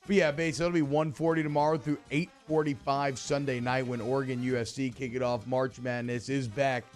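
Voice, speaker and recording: A man hosting sports talk radio, chatty and energetic, with loose casual banter. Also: mid-range voice, brisk, soft background music.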